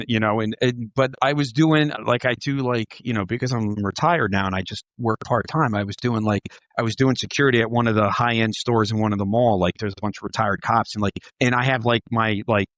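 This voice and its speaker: A man's voice: on the low side, steady tone, a little fast, few pauses, a bit bright, dry recording. A middle-aged man, a retired police officer, rambling through casual podcast chat, profane and full of "like". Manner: rambling, profane, heavy use of "like". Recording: dull, dry podcast audio.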